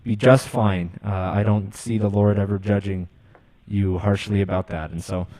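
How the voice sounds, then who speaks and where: A man's voice: lowish voice, fairly even intonation, moderate pace, mellow, poor audio. A man hosting a call-in show, earnest and apologetic, with nervous laughs. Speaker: radio show host.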